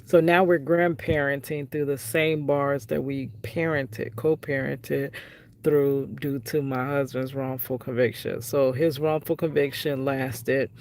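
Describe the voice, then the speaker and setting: A woman's voice: deep voice, a little mellow, a little hiss or hum. A middle-aged woman telling a story in a casual vlog. She talks frankly and conversationally, retelling conversations with her family. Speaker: vlogger, prison wife.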